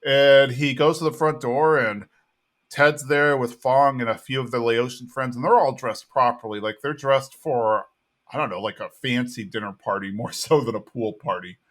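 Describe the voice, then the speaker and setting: A man's voice: medium pitch, moderate pace, fairly bright tone. A man co-hosting a podcast, recapping a TV episode in easygoing casual chat and thinking aloud as he goes. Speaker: podcast co-host.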